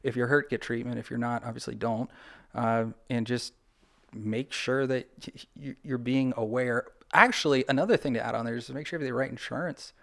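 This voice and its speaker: A man speaking as a guest on a podcast interview, his voice gravelly with a creaky edge. He explains his points in a lively, conversational way, full of "like"s and asides. He sounds like a practical lawyer giving frank advice. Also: mid-range voice, brisk. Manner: animated, talks things through with lots of "like" and acted-out quotes. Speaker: personal injury attorney, podcast guest.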